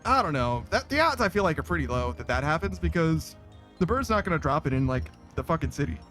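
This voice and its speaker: A man's voice: on the high side, very animated, fast, fairly bright tone, soft background music. A man streaming a game, chatting casually and reading out chat, laughing often, swearing freely and rambling with lots of fillers.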